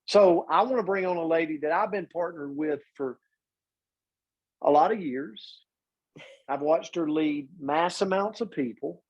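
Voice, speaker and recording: A man's voice: fairly high pitch, a little slow, lo-fi sound. A man hosting a business video call, rallying listeners with direct questions.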